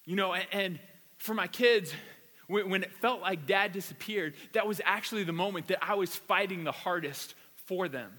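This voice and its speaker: At normal speed, a pastor with a high-pitched, pushed, bright voice preaches a conversational sermon that includes a personal story. He's casual and animated, repeating words as he tells stories, and there's a long reverb tail.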